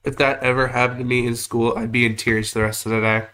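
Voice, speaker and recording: A man's voice: medium pitch, level tone, fast talker, heavy background noise. A man streaming live, chatting casually and joking at himself while reacting to videos. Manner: joking, chatty, self-mocking.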